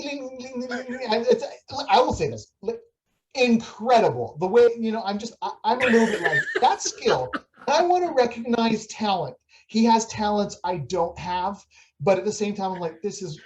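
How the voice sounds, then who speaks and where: A young adult woman telling a funny story in a casual church chat, animated and laughing, with many restarts. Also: on the low side. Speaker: church staff member on a video chat.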